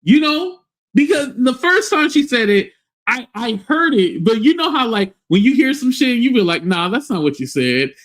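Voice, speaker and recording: A man's voice: very high voice, lively intonation, normal speed, fairly bright tone. A man hosting a livestream, ranting bluntly and scornfully with plenty of profanity. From United States. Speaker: livestream host. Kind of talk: casual livestream rant.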